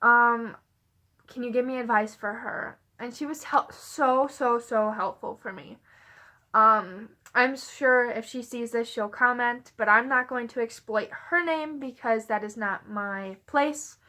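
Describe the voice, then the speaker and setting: A woman's voice: fairly high pitch, measured pace, pushed and bright. A young adult woman vlogging, telling a personal story in a rambling, casual way with many "like" fillers.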